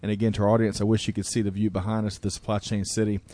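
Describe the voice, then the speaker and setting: Eager interviewer guy, lowish voice, dry close sound. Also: little pitch movement, rapid-fire, mellow, dry recording. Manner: enthusiastic, encouraging interviewer. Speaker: podcast host. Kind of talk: casual interview.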